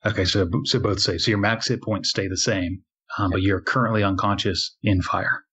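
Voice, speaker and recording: A man narrating and refereeing as game master of a tabletop game, measured and full of fillers. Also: on the low side, steady tone, fairly bright tone, breathy edge. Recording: dull lo-fi recording.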